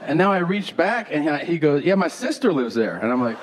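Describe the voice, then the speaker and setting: A man doing a stand-up comedy set on stage, telling stories in a deadpan way and acting out both sides of the dialogue. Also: a little high, fairly quick. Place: theater stage before a live audience. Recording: live show with crowd noise. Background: audience laughter.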